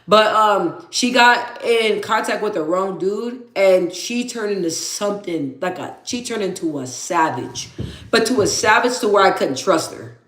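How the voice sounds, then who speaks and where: A woman's voice: mid-range voice, expressive, measured pace, fairly bright tone. A woman hosting a casual livestream, talking candidly to viewers, reading their comments aloud and repeating phrases for emphasis. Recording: echoey room.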